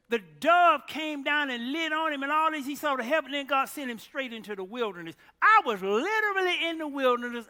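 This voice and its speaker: Through a big-room sound, a man with a very high voice preaches a storytelling sermon. He's animated, sometimes exclaiming loudly and at other moments dropping to a hush.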